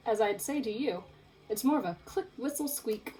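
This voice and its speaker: Expressive young woman teacher reading aloud. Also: on the high side, moderate pace, slight background noise, poor audio. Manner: expressive, playful storytelling. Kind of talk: reading aloud a picture book to children.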